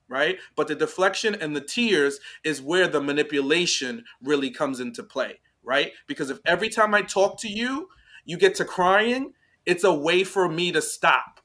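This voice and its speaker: A man's voice: fairly high pitch, lively intonation, normal speed, bright, forceful tone. A man co-hosting a podcast, reacting to a reality show in casual discussion, who keeps checking in with "right?" and "you know?". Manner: talks it through, tags points with "right?" and "you know?". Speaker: podcast co-host.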